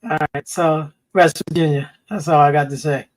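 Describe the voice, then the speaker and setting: A man chatting casually on an open panel with a voice pitched a little high. He rambles from one story to the next and drops quick asides as he goes. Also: steady tone, low-quality recording. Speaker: panel guest. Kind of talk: casual chat.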